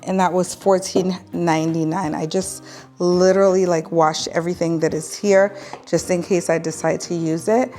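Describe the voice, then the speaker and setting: A woman's voice: fairly low pitch, steady tone, moderate pace, mellow, soft background music. Chatty woman rambling through a haul. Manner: chatty, rambling, self-correcting. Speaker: home decor vlogger. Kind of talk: casual haul vlog.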